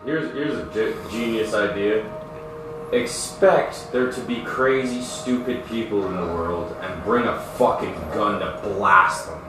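A man co-hosting a podcast, tossing in deadpan, profane wisecracks. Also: on the low side, unhurried, over music. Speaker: podcast co-host. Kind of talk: casual chat. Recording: roomy, distant, noisy mic.

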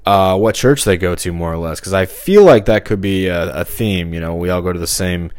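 A man's voice: low voice, brisk, darkish tone. A man talking alone in a rambling podcast monologue, full of fillers and restarts.

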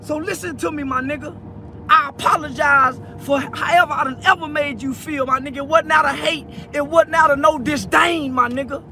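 Teary man, very high strained voice. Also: steady tone, normal speed, sharp tone. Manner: tearful, repetitive, preachy. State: teary, choked up. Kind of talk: emotional address to a viral video subject. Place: in a car. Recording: car and street noise behind. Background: traffic and outdoor ambience.

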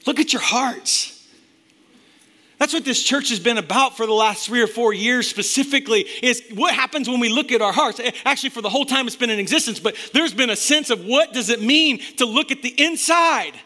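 A male pastor preaching a sermon to his church, impassioned, swinging between loud emphatic bursts and quiet, intense stretches. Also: very high voice, fairly quick.

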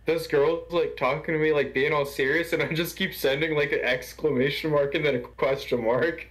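A man's voice: a little high, steady tone, moderate pace, a bit bright. A man on a podcast telling playful stories in casual chat. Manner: playful storyteller. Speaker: podcast co-host.

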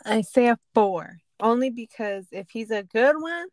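A woman's voice: on the high side, lively intonation, measured pace, a little mellow, no room sound. Woman podcast co-host telling a story. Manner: storytelling, laughs and drops to a whisper for quotes. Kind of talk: casual podcast chat.

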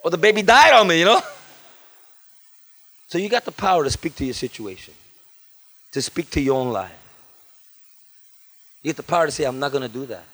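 A middle-aged male pastor, preaching a lively sermon with humor, chanted repetition and sudden shifts between loud high bursts and soft low asides. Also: normal speed, long pauses. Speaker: guest pastor. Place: church.

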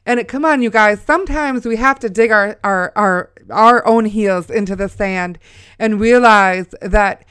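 Middle-aged woman, smooth voice, earnest Christian storyteller who exhorts listeners. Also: medium pitch, a little slow, fairly bright tone, no room sound, studio quality. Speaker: mother sharing a faith testimony.

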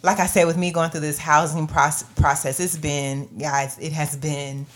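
A woman with a slightly low voice speaks earnestly on a faith podcast. Her talk is emotional and prayerful, full of restarts as she works through her thoughts. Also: little pitch movement, normal speed. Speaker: podcast co-host.

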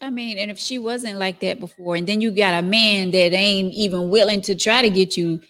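A woman's voice: mid-range voice, steady tone, moderate pace, fairly bright tone. A woman co-hosting a casual chat, giving frank, laid-back advice. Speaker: podcast co-host giving advice.

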